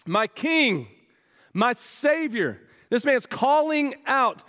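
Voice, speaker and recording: High-voiced preacher in a reverberant church. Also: male voice. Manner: preaching with rhetorical questions, swinging from loud to hushed. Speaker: pastor. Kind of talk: sermon. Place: church sanctuary.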